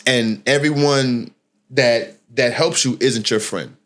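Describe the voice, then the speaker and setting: Slangy animated storytelling man. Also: medium pitch, slow pace. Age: middle-aged. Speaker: podcast host. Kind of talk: casual storytelling chat.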